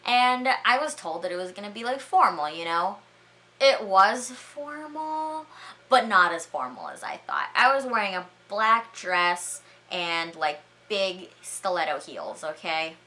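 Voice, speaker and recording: A young woman vlogger telling embarrassing stories in a chatty, animated way, full of "like" and "all right?" asides. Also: on the low side, moderate pace, hardly any pauses. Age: young adult. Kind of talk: storytime vlog.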